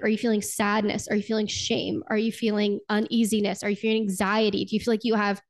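A woman hosting a faith podcast, talking earnestly and conversationally, often asking "right?" and slowing down to stretch her words for emphasis. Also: medium pitch, a little mellow. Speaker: podcast host. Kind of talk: faith podcast talk with guided prayer.

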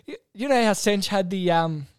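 A young Australian podcast co-host with a notably high voice chats casually and bluntly, swearing as he reacts. The sound is dry and close, with no room echo. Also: expressive, moderate pace, clear, resonant tone. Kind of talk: casual chat.

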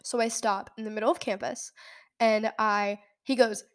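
A nineteen-year-old woman from Nebraska, telling a story in a casual, animated way and often laughing. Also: a little high, normal speed. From Nebraska, United States. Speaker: podcast host.

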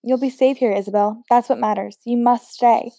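A calm, protective older French sister, read aloud by a woman. She speaks soothingly but firmly. Her voice is mellow, fairly high, and recorded dry. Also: moderate pace, creaky, dry recording.

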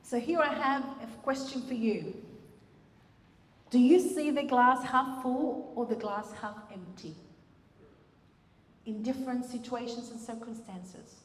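A woman's voice: a little high, unhurried, pauses often. A woman pastor giving a conversational sermon with restarts and fillers, recorded in a church hall. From Australia. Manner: warm, conversational preaching with frequent restarts and fillers.

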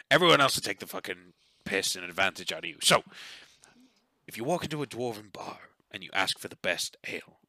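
A man voicing a burly, tattooed male dwarf barkeep who is gruff but welcoming and talks in a loud, bellowing way. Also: lowish voice, no echo.

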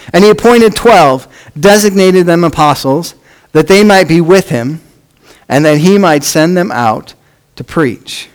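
A man preaching a sermon, with measured phrasing that drops off at the ends of lines. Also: fairly high pitch, rough recording. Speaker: pastor.

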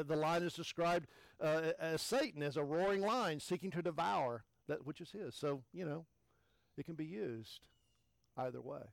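Male pastor, sermon delivery, slightly high pitch, dry sound, punchy and repetitive, drops to near-whispers at times. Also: no echo. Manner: emphatic, repeats key phrases, swings from loud to hushed.

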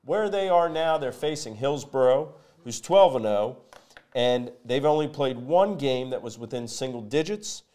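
A man hosts a local sports talk show, reading sponsor spots and breaking down high school football matchups. His delivery is energetic and conversational, and his voice sits in a middle pitch. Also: a little slow.

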